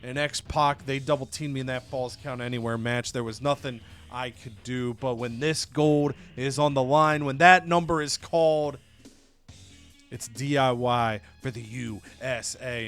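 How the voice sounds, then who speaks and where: A man's voice: mid-range voice, fairly even intonation, unhurried, bright, forceful tone, faint music behind. A young man narrating a wrestling game recap as a let's-play host, storytelling casually and swearing now and then. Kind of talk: animated game recap with put-on voices.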